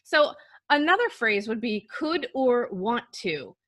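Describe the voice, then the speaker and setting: A woman's voice: a little high, very animated, takes it slowly, fairly bright tone, no room sound. Encouraging woman giving a parenting lesson. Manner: earnest, encouraging, acts out example phrases. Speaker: parenting coach. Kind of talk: instructional talk.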